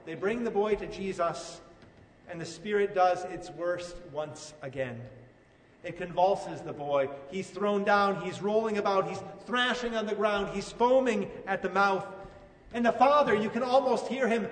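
High-voiced preacher in an echoey hall. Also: male voice, normal speed, recorded from a distance. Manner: earnest, questioning the listeners directly. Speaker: pastor. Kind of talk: sermon.

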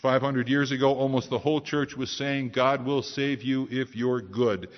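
A male pastor preaching a sermon in a church, swinging from loud declarations to hushed lines. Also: medium pitch, steady tone, moderate pace. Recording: dull sound with long hall reverb.

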